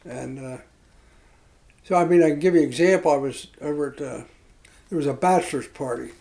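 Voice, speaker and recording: An older man telling reflective personal stories in a rambling, halting way, with many fillers and restarts. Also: fairly high pitch, gravelly, mellow, low-quality recording. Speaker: interviewee. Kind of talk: reflective storytelling.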